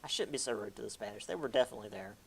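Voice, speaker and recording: A man's voice: fairly low pitch, animated, rapid-fire, creaky, breathy edge. Chatty man giving a lecture. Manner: chatty, with lots of fillers and mock-quoted asides. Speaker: history lecturer. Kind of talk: casual classroom lecture.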